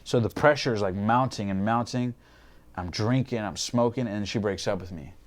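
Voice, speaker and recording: Young man, twenties, lowish voice, podcast guest, candid storytelling, salty language. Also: moderate pace. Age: 20s. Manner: swears freely, acts out his past thoughts.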